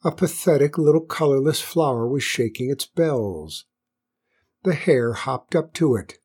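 A woman narrating a children's story with gentle, wry asides. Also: rumbling low, animated, measured pace, husky.

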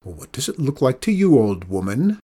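A man's voice: medium pitch, sing-song, fairly quick, mellow, slightly rough. A man voicing a sly, good-humored old lighthouse keeper who talks in a wry, teasing way.

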